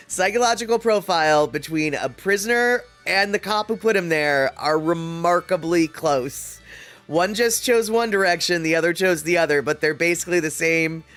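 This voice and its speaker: A man's voice: on the high side, fairly bright tone. Chatty laughing livestream host, man. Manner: chatty and laughing often, reads comments aloud. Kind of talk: casual livestream chat reading viewer comments.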